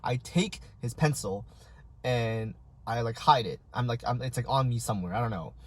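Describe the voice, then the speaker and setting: A man, telling stories in a casual, animated, self-mocking way and acting out voices. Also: medium pitch, moderate pace. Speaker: vlogger. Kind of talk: casual storytelling while eating.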